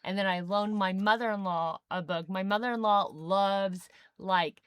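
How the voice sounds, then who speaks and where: A woman's voice: mid-range voice, fairly even intonation, moderate pace, clear, resonant tone, dry recording. A young woman co-hosting a podcast, chatting casually and laughing often. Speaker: podcast co-host. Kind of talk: casual chat.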